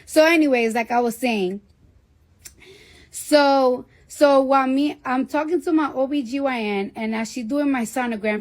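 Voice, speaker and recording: A woman's voice: fairly high pitch, normal speed. A woman in her thirties telling a personal story casually, with blunt, profane talk and lots of fillers. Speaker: celebrity on a livestream.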